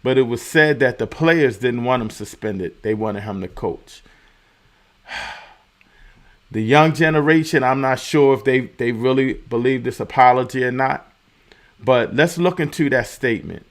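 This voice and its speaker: A man's voice: medium pitch, measured pace. A man hosting his own commentary show, talking casually and repeating key phrases for emphasis. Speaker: host of a commentary channel.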